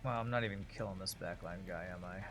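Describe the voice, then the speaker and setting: A man's voice: deep voice, fast talker. A man streaming a card game, chatting casually and thinking aloud about his moves. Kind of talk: casual gameplay commentary.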